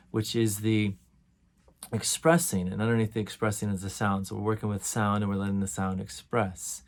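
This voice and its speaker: Low-voiced man teaching sound healing. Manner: relaxed and conversational, demonstrates sighs and tones. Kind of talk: teaching an online course.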